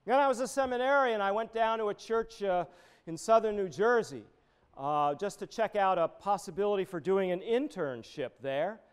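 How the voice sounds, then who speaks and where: Middle-aged male pastor, high clear voice, chatty storytelling sermon. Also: normal speed. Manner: conversational, digressive with personal stories.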